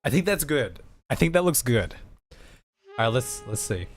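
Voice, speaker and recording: A man's voice: mid-range voice, sing-song, measured pace, slightly rough, soft background music. A man streaming as he edits a video, thinking aloud, repeating himself and laughing often. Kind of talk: casual live commentary.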